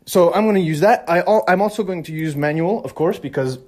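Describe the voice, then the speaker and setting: A young man talking casually in a vlog, excitable and rambling, swearing freely as he shares his work plans. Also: high-pitched, fairly quick. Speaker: vlogger.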